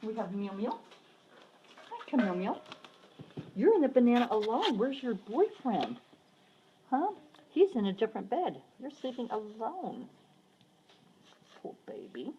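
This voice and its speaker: A woman's voice: on the high side, big pitch swings, a little slow, long pauses, dark tone, highs cut off. Woman giving a casual shelter tour, baby-talking the kitties, bouncy voice, lots of background noise. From from the southern United States. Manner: coos baby talk to the cats. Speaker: cat sanctuary worker giving a shelter tour. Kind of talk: casual filmed walkthrough, chatting to viewers and cats.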